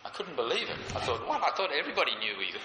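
An older man preaching a sermon, earnest and emphatic, often slowing down to stress a point. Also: a little high, big pitch swings, noisy background. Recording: echoey hall, heard from a distance.

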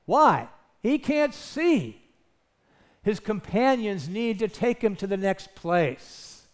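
A man's voice: high voice, big pitch swings, slow pace. A man preaching a sermon as pastor, earnest and emphatic, asking his listeners rhetorical questions.

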